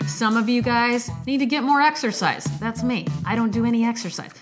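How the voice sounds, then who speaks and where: A woman hosting a late-night podcast, reading a poem slowly and emphatically, then chatting emotionally with listeners. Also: on the high side, over music. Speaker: podcast host reading poetry. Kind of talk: poetry reading and casual chat.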